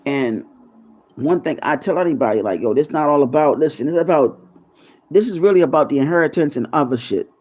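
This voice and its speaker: A man's voice: on the high side, expressive, fairly quick, a little mellow, breathy edge. Rambling, conspiratorial man on a lo-fi mic. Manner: loose, rambling, conspiratorial, curses freely. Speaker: YouTube channel host. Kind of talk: casual freestyle monologue to viewers.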